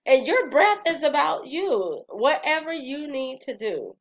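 A woman, talking casually to her viewers about calming down, chatty and sassy. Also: fairly high pitch, lo-fi sound. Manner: chatty, sassy, laughs and sighs often. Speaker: vlogger. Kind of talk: casual wellness talk.

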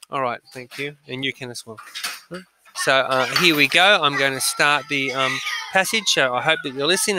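A man's voice: on the high side, sharp tone, a little hiss or hum. A man teaching a dictation lesson to pupils, upbeat and chatty, with frequent ums between his instructions. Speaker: primary school teacher. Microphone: recorded audio, speaker not seen.

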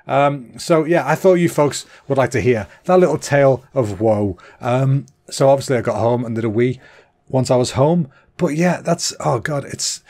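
A man's voice: medium pitch, a little mellow. Young guy rambling through a funny story on his podcast, swears a lot, laughs at himself. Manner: chatty, self-deprecating, sweary. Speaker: comedy podcast host.

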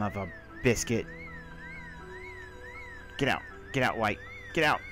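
A young man giving let's play commentary, talking to himself and breaking into panicked shouts, over faint game music. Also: medium pitch, big pitch swings, normal speed, long pauses. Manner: jumpy, talks to himself, bursts into panicked shouts. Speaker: gaming video creator.

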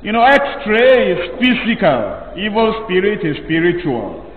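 A man with a high voice delivers a sermon at an unhurried, deliberate pace. He leans on each phrase with emphasis. The sound is dull and distant, caught from far off in an echoey hall with a long reverb tail. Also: sing-song, slight background noise. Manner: slow, emphatic preaching with drawn-out phrases. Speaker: pastor.

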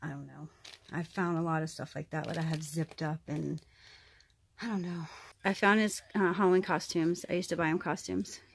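A woman's voice: sits low, fairly even intonation, normal speed, gravelly, breathy edge. A woman in her thirties from the United States, chatting animatedly to the camera in a casual vlog. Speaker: vlogger.

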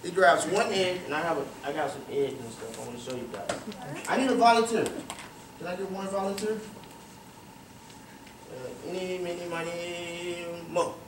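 Casting: man with a high voice, interactive storyteller asking the audience questions, in an echoey room, faint ambience. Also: moderate pace, noisy background. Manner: repeats phrases for emphasis. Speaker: guest speaker at a youth cricket academy. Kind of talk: motivational storytelling talk. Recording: roomy, distant, faint ambience.

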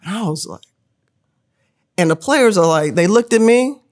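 A woman in her fifties telling a story as a podcast guest, lively, laughing often and acting out the people she quotes. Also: medium pitch, normal speed. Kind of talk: animated storytelling.

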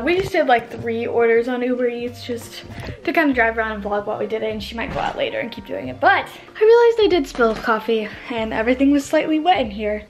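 A young woman in her twenties chatting casually to camera in a vlog, bubbly and quick to laugh. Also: fairly high pitch. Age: 20s. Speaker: vlogger.

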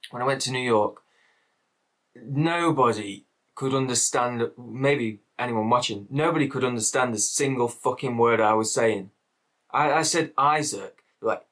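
A man with an English Midlands accent hosts a reaction video, talking at an ordinary pitch with a bright, forceful tone. He rants casually, swears freely and repeats himself for emphasis. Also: lively intonation, moderate pace. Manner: ranting, swearing, repetitive.

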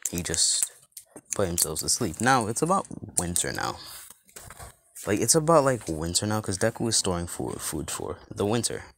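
Low-voiced man rambling through a story. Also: sing-song, moderate pace, fairly bright tone, a little hiss or hum. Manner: rambling, many fillers and restarts. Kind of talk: casual fan-story retelling.

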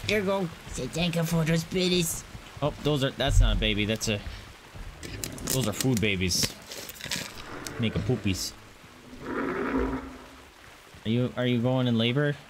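A man's voice: medium pitch, animated, a little slow, pauses often, background noise. A man commenting on his own playthrough of a zoo game, who gushes over the animals in baby talk and mutters to himself through the menus. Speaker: gaming channel host.

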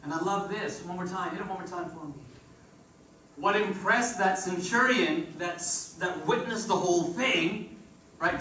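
Man, pastor, sermon, call-and-response, slightly high voice, faint room noise. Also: pushed and bright. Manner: call-and-response preaching, rises and drops in volume. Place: church sanctuary. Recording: roomy church echo from far off.

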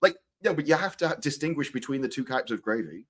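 A British man chatting casually as a guest on a live stream, his voice a little worn from shouting, talking playfully with quick restarts. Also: mid-range voice, sing-song. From Britain. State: voice going hoarse from shouting. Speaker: guest co-host. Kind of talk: casual chat.

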